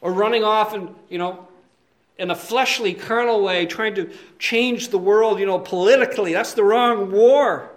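Male preacher, high voice, earnest, emphatic, sermon delivery that shifts between soft asides and loud stressed points. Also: moderate pace. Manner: earnest, emphatic, asks the listeners to check in often. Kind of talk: expository sermon.

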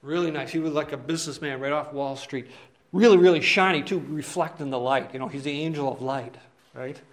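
High-voiced male preacher, roomy echo. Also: fairly quick. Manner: conversational, asks "okay?" often, many fillers. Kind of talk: expository sermon, verse by verse.

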